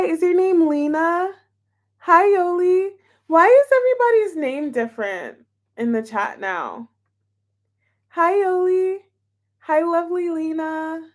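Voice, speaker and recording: A woman hosting a tarot livestream, chatting casually and giggling as she greets viewers by name. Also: very high-pitched.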